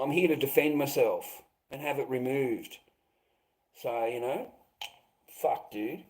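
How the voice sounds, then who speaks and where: This middle-aged man has a mid-range, slightly mellow voice, heard over poor audio as he rants on a casual livestream. He's agitated and swears heavily, and his pitch climbs as he gets more upset.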